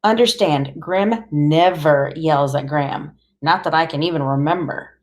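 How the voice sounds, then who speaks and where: Woman, audiobook reader, low voice, plain conversational telling. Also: unhurried, a little mellow. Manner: plain, conversational, as a teenage boy. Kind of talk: first-person audiobook narration.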